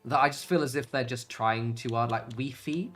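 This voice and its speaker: Faint music sits behind this British man as he livestreams a game, chatting casually, hopping between topics, laughing a lot and swearing now and again. He speaks at a normal speed in a medium-pitched, somewhat bright voice.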